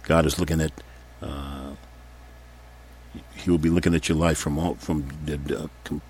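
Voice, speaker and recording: A man with an extremely deep, low voice teaches from the Bible in sermon style. He reads scripture passages aloud, then comments earnestly, repeating key points for emphasis. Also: flat delivery, normal speed, a little mellow, husky.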